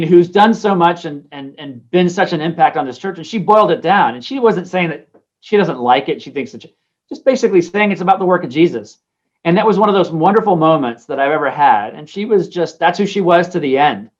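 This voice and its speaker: A man's voice: on the high side, lively intonation, brisk, muffled recording. A man, a bishop, teaching a class in a conversational way, full of ums and anecdotes, over a video call. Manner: conversational, many ums and restarts. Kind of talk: informal lecture with anecdotes.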